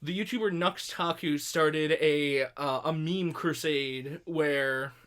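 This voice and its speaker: A man's voice: a little high, slow, fairly bright tone, smooth. A young man co-hosting a casual podcast, rambling and sarcastic with frequent swearing. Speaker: podcast co-host. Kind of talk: casual chat.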